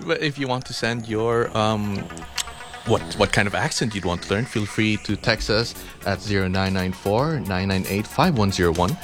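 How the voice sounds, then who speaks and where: A man's voice: lowish voice, normal speed, music in the background. A young man co-hosting a radio show in casual, chatty banter, laughing easily. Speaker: radio host.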